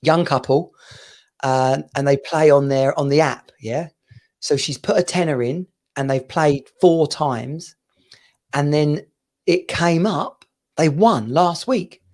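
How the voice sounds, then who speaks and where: Gravelly man, animated storytelling. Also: a little high, slow pace. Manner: animated storyteller, laughing through anecdotes. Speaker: podcast co-host. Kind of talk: casual banter.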